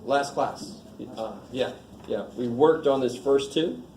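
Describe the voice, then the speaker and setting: Male math instructor, relaxed classroom lecture, mellow tone, echoey room with faint hum. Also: mid-range voice, slow. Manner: joking, informal, asks the class questions.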